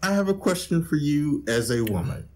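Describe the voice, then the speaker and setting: A man's voice: a little high, lively intonation, moderate pace, a little mellow. A man in his fifties co-hosting a casual podcast chat, chiming in with short, dry asides. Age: 50s. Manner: brief interjections, dry asides. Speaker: podcast co-host.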